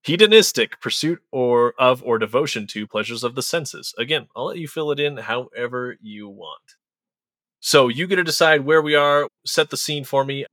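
Upbeat podcast host with a bright voice. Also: male voice, mid-range voice, moderate pace. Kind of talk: casual podcast chat.

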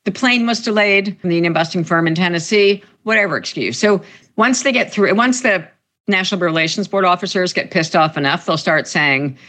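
A woman's voice: lowish voice, a little fast, a bit bright. A woman union organizer answering interview questions in an emphatic way, often repeating her key points.

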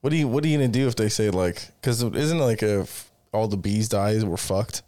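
Blunt, lively-voiced man cursing casually. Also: on the low side, a little fast. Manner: blunt, profane, jokey. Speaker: podcast co-host. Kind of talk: casual chat.

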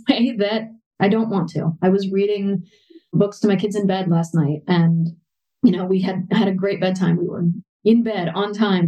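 A woman's voice: mid-range voice, dark tone, poor audio. A woman in her thirties, a parent and podcast guest, speaking reflectively in a candid interview, often saying "you know.".

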